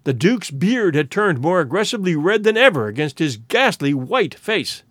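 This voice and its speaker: A man narrating a classic story as an audiobook in an expressive, measured way. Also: a little high, no echo, studio quality.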